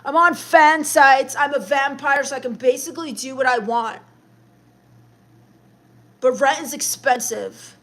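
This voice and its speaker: A woman's voice: sits high, measured pace, pauses often, a bit bright. A young woman live streaming, reading viewer comments aloud and firing back sassy, snappy comebacks. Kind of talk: in-character comedy livestream reading chat.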